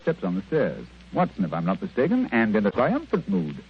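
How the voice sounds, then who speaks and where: An actor playing a confident, dry-witted detective who speaks briskly and ironically, in 1940s radio acting style. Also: male voice, on the low side, wildly swooping pitch. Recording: dull old radio recording, faint hiss.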